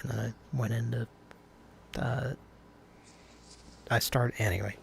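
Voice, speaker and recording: A man's voice: mid-range voice, fairly even intonation, slow, vocal fry, slight background noise. A man co-hosting a casual talk show, rambling through stories and reading listener comments aloud. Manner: rambling, self-interrupting storyteller. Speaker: podcast co-host.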